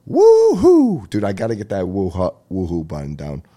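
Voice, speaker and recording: A man hosting his own comedy podcast, talking alone in a rambling, profane way, laughing at his own jokes and jumping into loud, high-pitched rants. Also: brisk. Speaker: stand-up comedian and podcast host. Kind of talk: solo comedy podcast monologue.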